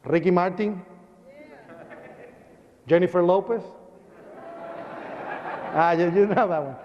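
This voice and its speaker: A man's voice: sits high, takes it slowly. A Puerto Rican man giving a personal testimony speech in a church, acting out the dialogue of his story as he tells it. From Puerto Rico. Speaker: speaker. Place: church hall. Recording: dull broadcast audio with long hall reverb.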